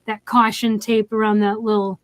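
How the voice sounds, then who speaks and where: A woman's voice: medium pitch, little pitch movement, moderate pace, dry recording. A woman hosting a casual movie review chat, recapping scenes with lots of "um"s. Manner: retelling scenes with many fillers. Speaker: podcast host.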